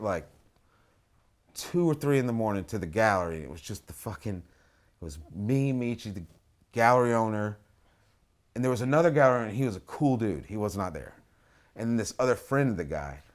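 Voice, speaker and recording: Animated, profane man telling a story. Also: mid-range voice, moderate pace. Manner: animated, profane, swings between mumbling and loud acted quotes. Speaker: artist telling a story as interview guest. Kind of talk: casual storytelling. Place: lives in Atlanta.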